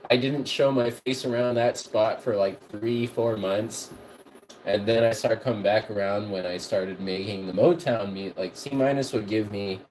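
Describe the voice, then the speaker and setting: Low-voiced man telling a rambling story. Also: a little mellow, slight background noise. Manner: rambling, profane, repeats himself. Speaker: music producer and livestream host. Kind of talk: casual storytelling livestream. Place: home kitchen while cooking.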